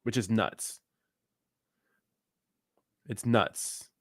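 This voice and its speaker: This clip features a young man from Southern California running a crypto livestream, where he laughs, jokes, and talks crudely and casually as he goes through viewer comments. He speaks extremely slowly in a fairly low voice, captured in a dry, studio-quality recording.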